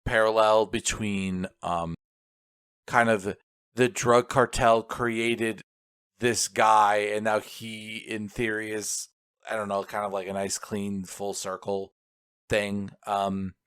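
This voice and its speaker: A man's voice: lowish voice, flat delivery, slow, a bit bright, smooth, dry recording, studio quality. A man co-hosting a podcast, thinking aloud with a hesitant manner as he discusses a film. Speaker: podcast co-host. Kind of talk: casual film review chat.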